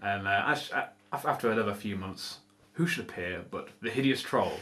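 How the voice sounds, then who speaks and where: A man's voice: on the low side, animated, a little fast, a bit bright. A man telling a fairy tale in a rambling, chatty comic way, laughing often and restarting sentences. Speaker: comedy storyteller.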